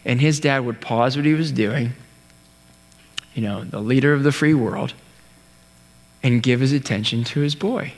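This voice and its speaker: A man preaching a sermon, telling a story in an earnest way, with pauses and restarts. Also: medium pitch. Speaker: pastor. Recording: long hall reverb.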